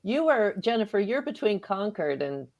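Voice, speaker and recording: A woman's voice: mid-range voice, very animated, normal speed, vocal fry, darkish tone, highs cut off. A woman author chatting as a guest on a radio show, often laughing and acting out her own past remarks. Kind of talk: casual interview chat.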